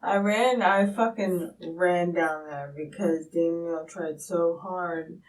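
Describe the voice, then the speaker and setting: A young woman in her twenties, sedated and slurring, answering questions in a police interview room, halting and trailing off. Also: fairly low pitch, fairly even intonation, soft background music. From Florida, USA. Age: 20s. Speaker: suspect being questioned. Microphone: room recording device. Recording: distant room recording.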